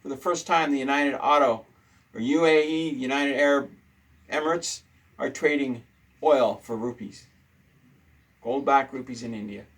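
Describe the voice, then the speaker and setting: A man's voice: mid-range voice, moderate pace, long pauses, poor audio. A man hosting a casual talk show, ranting indignantly and repeating his points for emphasis. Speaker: host.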